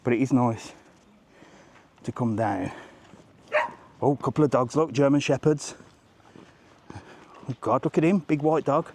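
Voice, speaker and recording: A man's voice: mid-range voice, unhurried, long pauses, darkish tone, a little hiss or hum. A man in his forties hosting a casual live travel vlog while walking along an outdoor seaside promenade. He talks in a chatty, rambling, jokey way. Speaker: travel vlogger host.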